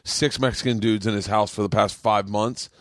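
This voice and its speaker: A man's voice: fairly low pitch, moderate pace, dry recording. A man hosting a podcast, telling a story in casual chat and acting out the other people's lines. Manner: animated, acts out voices in his stories. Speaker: podcast host. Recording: dry close studio sound.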